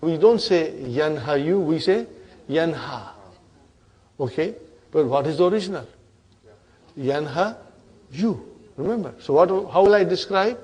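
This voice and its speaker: A man's voice: high voice, expressive, normal speed, pauses often, darkish tone, slightly rough. A man teaching an Arabic grammar class, drilling verb forms aloud and checking on his students with "huh?" and "brother".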